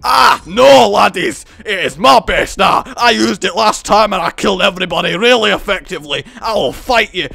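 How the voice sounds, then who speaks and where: A man voicing a brash male mad doctor with a mock Scottish accent, shouting his lines. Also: high voice, normal speed, gravelly, hardly any pauses, dry recording, voice pushed up, exaggerated voice.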